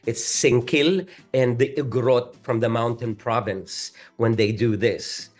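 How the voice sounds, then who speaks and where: A man with a Filipino accent, a stage actor talking earnestly in a casual chat, excitable and stumbling over restarts. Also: medium pitch, measured pace. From Philippines. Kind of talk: casual conversation.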